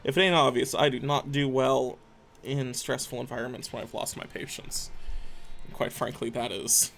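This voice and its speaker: A man's voice: medium pitch, fairly even intonation, normal speed, gravelly, a bit bright. A young man on a live stream who mutters to himself and swears often. He is stressed and frustrated while he builds something by hand. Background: faint background music.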